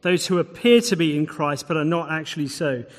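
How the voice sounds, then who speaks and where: A man delivers an expository sermon, his voice sitting a little high for a man. He leans on repetition for emphasis, and a long hall reverb trails each phrase. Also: a little fast. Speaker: preacher.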